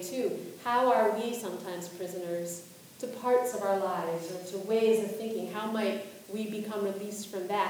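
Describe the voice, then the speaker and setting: A woman pastor with a medium-pitched, slightly mellow voice delivers a sermon, posing reflective questions and reading scripture aloud. She sounds distant in an echoey room, with slight background noise.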